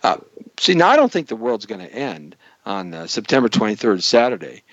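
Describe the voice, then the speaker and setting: Animated joking man hosting a live show. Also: fairly quick, no room sound. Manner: jokey, rambling, animated with sudden high squeaks. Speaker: host. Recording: dull lo-fi stream audio.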